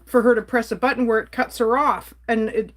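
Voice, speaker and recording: A woman's voice: on the high side, steady tone, brisk. A woman from Canada ranting on a casual livestream, exasperated and blunt while she reads and answers her chat. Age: adult.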